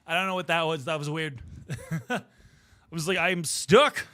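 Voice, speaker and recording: Slightly winded, this young streamer banters playfully with his chat during a casual livestream. He speaks at a normal speed in a voice on the high side, with a fairly bright tone.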